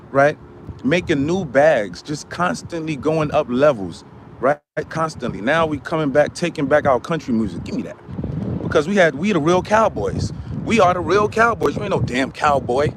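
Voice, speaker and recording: A man playing a boastful, hot-tempered man who rants on a live stream, swinging from muttering to yelling. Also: on the high side, slight background noise, close to an everyday voice. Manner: ranting, repetitive, swinging from mutters to yells. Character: loud boastful ranting man, quick to anger.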